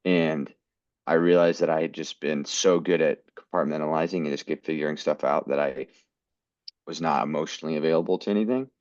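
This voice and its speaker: Deep deep voice american guy telling his story in an interview, kinda dull audio. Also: a little fast, a little mellow, no room sound. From United States. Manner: earnest, quotes people in his stories. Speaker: guest actor.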